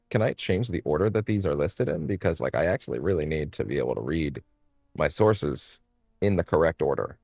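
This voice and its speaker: A very low, gravelly man's voice, close and dry on a studio mic, with no room around it. He talks in a casual, rambling way, half to himself, with his pitch swinging widely as he tinkers with his stream setup and keeps correcting himself. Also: a little mellow, no echo. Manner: mutters to himself while fiddling with stream settings. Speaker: let's play streamer. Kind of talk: casual gameplay commentary. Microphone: studio microphone.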